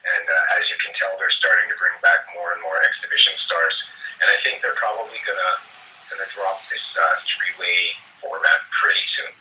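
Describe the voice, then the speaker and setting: Low-voiced guy ranting opinions on a podcast, lots of uhs, sounds far off in a roomy space. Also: fairly even intonation, brisk, muffled recording, slight background noise. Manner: opinionated, talks at length with many uhs. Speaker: podcast guest. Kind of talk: casual podcast interview.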